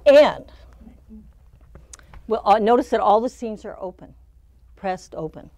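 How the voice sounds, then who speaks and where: A middle-aged quilting instructor with a mellow, medium-pitched voice demonstrates a pattern in a shop studio, speaking at a measured pace with lively intonation. Casual and chatty, she talks through each step and laughs at her own slips.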